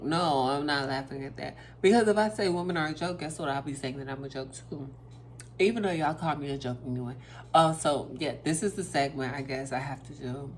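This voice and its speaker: A woman's voice: very deep voice, a little hiss or hum. A woman vlogging at her dinner table, chatting casually and talking straight to her viewers. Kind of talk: casual chat to camera over dinner.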